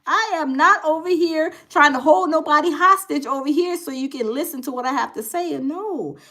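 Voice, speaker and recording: A woman's voice: sits high, normal speed, bright, forceful tone. A woman hosting a casual livestream, talking emphatically and reading viewer comments aloud. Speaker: livestream host. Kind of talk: casual live-stream commentary.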